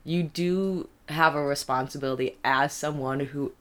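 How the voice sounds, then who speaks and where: A young woman co-hosts a casual chat podcast. Her voice sits low, and she rambles in a loose, joking way with casual swearing. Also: moderate pace. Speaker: podcast co-host.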